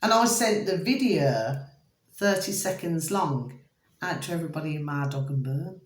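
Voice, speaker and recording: A woman's voice: low voice, lively intonation, moderate pace, a little hiss or hum. Rambling woman in her fifties. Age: 50s. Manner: rambling, repeats pet names, swings between loud and hushed. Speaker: vlogger. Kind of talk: casual chat. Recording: echoey room.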